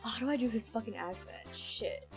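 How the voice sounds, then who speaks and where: A woman streamer in a casual live game playthrough, swearing and reacting loudly. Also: fairly high pitch, normal speed. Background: faint game music.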